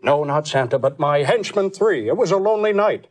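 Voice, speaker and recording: A man impersonating a gruff older politician reciting a holiday poem in a halting, growly cadence. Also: fairly high pitch, animated, close to an everyday voice. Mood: brooding.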